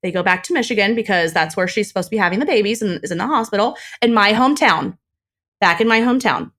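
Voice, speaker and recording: A young adult woman as a podcast guest, casually recounting a story and acting out the quoted dialogue. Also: fast talker. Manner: animated retelling, acts out quoted dialogue with higher pitch.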